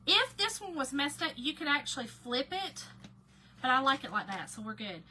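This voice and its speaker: Hosting a relaxed craft livestream, this woman has a high voice with big swings in pitch and talks at a normal pace. She welcomes viewers by name with warmth and chatter, then slips into soft muttering as she focuses on her work, all over noticeable background noise.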